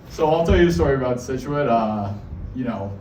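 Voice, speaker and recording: The speaker is a young Massachusetts comic doing a crude, filler-heavy, rambling set in a small bar. His medium-pitched voice has a darkish tone. The distant mic captures an echoey room with slight background noise.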